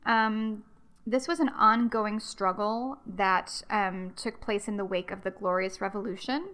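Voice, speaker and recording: A young American woman hosts a casual solo history podcast, rambling and chatty with lots of ums and restarts. Her mid-range voice is steady and sharp-toned, and she never hurries.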